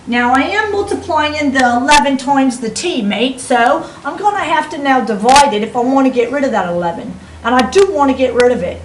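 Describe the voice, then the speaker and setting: A woman's voice: high-pitched, animated, brisk, few pauses, roomy sound, recorded from a distance, a little hiss or hum, rough recording. A woman voicing a jokey math teacher with a put-on Australian accent who keeps calling students mate.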